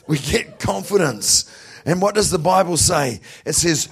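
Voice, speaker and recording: A man preaching a sermon in an animated way, often laughing, repeating words and rising to shouts. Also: a little high, takes it slowly, gravelly, long pauses, breathy edge.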